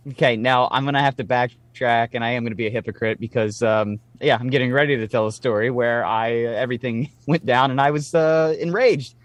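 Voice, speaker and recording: A man in his late thirties telling stories in casual podcast chat, animated and swearing freely. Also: medium pitch, a little fast, few pauses, no echo.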